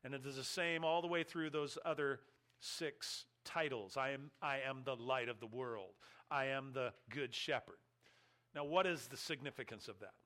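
Bright-voiced male preacher teaching. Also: medium pitch, normal speed. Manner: teaching, emphatic with wry asides. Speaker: pastor. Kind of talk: sermon.

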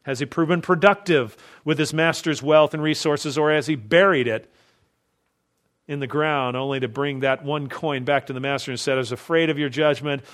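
A man's voice: fairly high pitch, steady tone, moderate pace, a bit bright. A pastor delivering a teaching sermon in a slightly raised voice. He presses his listeners with emphatic runs of rhetorical questions. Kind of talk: expository sermon.

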